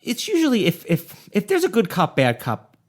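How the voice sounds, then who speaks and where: A man co-hosting a paranormal comedy podcast, talking in a rambling, halting way with lots of fillers. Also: high voice, huge pitch swings. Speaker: podcast co-host. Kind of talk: casual chat.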